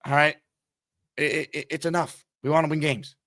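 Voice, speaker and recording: Bright-voiced male sports talk host. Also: fairly high pitch, fairly even intonation, moderate pace, no room sound, studio quality. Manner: upbeat, chatty, fires up callers. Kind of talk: call-in sports talk show.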